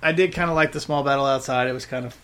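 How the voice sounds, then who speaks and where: A man's voice: medium pitch, rapid-fire, a bit bright, clear, resonant tone. A man hosting a casual chat about a cartoon episode, who laughs often and acts out the characters' lines. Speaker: podcast host.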